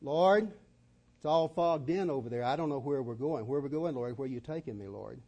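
A man voicing an anxious believer calling out loudly to God. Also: mid-range voice, brisk, natural voice. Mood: fearful.

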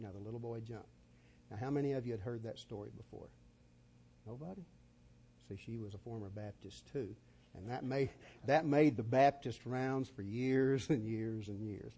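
A man's voice: mid-range voice, moderate pace, warm tone, a little hiss or hum. A man preaching a sermon, folksy and full of stories. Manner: storytelling, folksy.

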